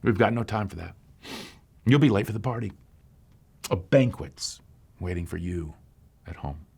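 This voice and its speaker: A man voicing a loving older father in a sermon story, speaking softly and tenderly. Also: on the low side, moderate pace, gravelly, slightly rough. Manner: soft, hushed, tender.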